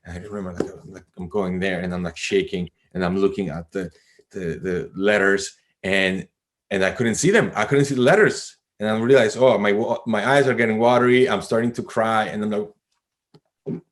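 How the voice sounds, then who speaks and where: Low-voiced man telling a story. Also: moderate pace. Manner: animated, self-deprecating, laughs often. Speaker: guest. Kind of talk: storytelling in a podcast interview.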